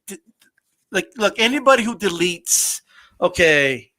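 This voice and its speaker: A man's voice: high voice, big pitch swings, measured pace, sharp tone, no room sound, rough recording. A man hosting a boxing podcast, ranting with lots of profanity, often raising his voice and mocking people. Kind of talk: heated uncensored podcast rant.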